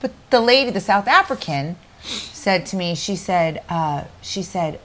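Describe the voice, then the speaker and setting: A woman co-hosting a podcast, telling a neighbor story in casual chat, animated and full of restarts and acted-out quotes. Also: fairly low pitch, normal speed, slight background noise. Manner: animated, acts out quoted voices, many restarts. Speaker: podcast co-host.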